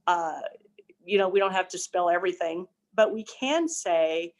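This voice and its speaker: A woman's voice: lowish voice, lively intonation, normal speed. An older woman, a family counselor, explaining parenting ideas in an earnest casual discussion. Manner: earnest, explanatory, some restarts.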